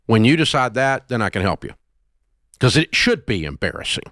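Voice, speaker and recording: A man's voice: fairly low pitch, lively intonation, normal speed, fairly bright tone, no echo, clean studio sound. Blunt folksy talk-show host man. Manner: blunt, scolding yet affectionate, folksy. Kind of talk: call-in advice show. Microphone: studio microphone.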